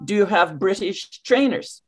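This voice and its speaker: A woman's voice: mid-range voice, animated, a little slow, husky. Emphatic coaching woman. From Canada. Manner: emphatic, coaching, rhetorical questions. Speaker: English coach. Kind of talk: interview answers, teaching.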